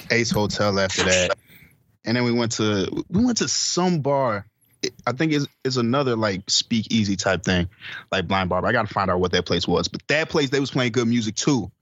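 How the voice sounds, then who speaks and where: A man's voice: on the low side, animated, normal speed, a bit bright, dry recording. A man co-hosting a podcast, telling a story in a casual chat with friends, acting out the people in it, swearing and laughing often. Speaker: podcast co-host.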